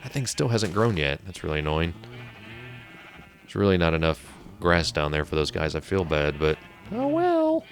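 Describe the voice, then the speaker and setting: A man's voice: extremely low pitch, normal speed. A man casually commenting on his own gameplay as a let's play host, rambling and chatty, often breaking off mid-sentence. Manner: rambling, chatty, self-interrupting.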